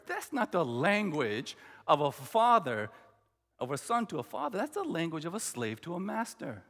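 A man's voice: high voice, very animated, moderate pace, fairly bright tone, big-room sound. A man preaching a sermon, emphatic, acting out the quoted lines. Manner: emphatic, acts out the quoted brother. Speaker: pastor.

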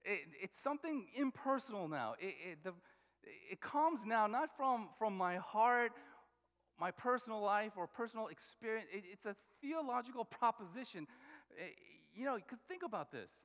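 A man's voice: sits high, lively intonation, moderate pace, a bit bright. A man preaching a sermon as a pastor, conversational and full of restarts and repeated words. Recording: long hall reverb.

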